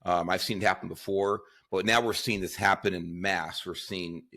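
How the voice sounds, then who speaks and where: A man's voice: deep voice, steady tone, moderate pace, sharp tone. A man hosting a casual talk show, opinionated and sarcastic, rambling with frequent restarts. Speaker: podcast host.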